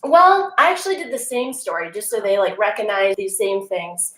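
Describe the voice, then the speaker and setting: A woman's voice: mid-range voice, expressive, normal speed, a bit bright, reverberant, low-quality recording. A woman French teacher talking casually to colleagues at a training, filling her speech with "like" and acting out her students. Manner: chatty, lots of "like" fillers, acts out kids' voices.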